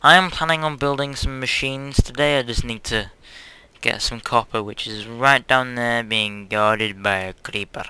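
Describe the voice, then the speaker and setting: A man's voice: mid-range voice, normal speed, sharp tone, clear, resonant tone. A young man hosting his own gaming channel, chatting casually over gameplay in a hyperactive, silly, rambling way.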